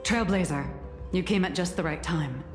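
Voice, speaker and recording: A calm, steady security captain , voiced by a woman in a video game, briefing in a low, measured voice. The sound rings in a roomy space with a long reverb tail, faint music underneath. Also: lightly acted. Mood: grave. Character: composed female security captain during a disaster.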